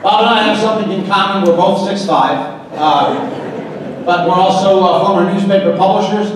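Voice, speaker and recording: A man's voice: sits high, steady tone, normal speed, very noisy. A man emceeing a breakfast event, teasing guests and telling jokes to the crowd. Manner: teasing, jokey, addresses the crowd directly. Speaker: master of ceremonies. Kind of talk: joke-telling emcee patter. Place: large banquet hall at a breakfast event. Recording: echoey hall recording from far off.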